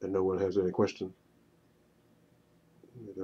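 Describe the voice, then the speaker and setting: A man narrating a walkthrough of his own screenplay storyboard, halting and often repeating words. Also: low-pitched, monotone, warm tone, husky, dull audio. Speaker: writer pitching his screenplay.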